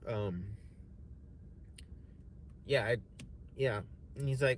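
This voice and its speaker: A young man with a mid-pitched voice tells a story on a casual stream. He rambles, restarts and swears freely, with faint noise behind him. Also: normal speed, long pauses. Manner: rambling, profane, with many fillers and restarts. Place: home streaming setup.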